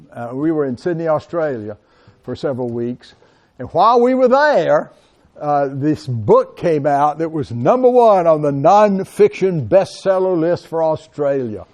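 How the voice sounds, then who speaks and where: Animated man lecturing a class. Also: a little high. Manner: animated, acts out example replies. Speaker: college lecturer.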